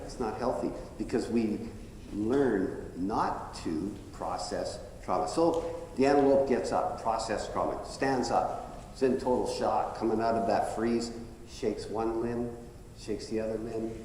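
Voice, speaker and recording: Man telling a story in an echoey hall. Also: unhurried. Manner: animated storyteller, voice jumps high when excited. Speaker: speaker at a live event. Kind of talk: personal storytelling talk. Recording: echoey hall with faint noise.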